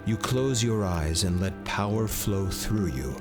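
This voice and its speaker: A man giving measured second-person scripted narration for a game. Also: low voice, lively intonation, vocal fry, music in the background.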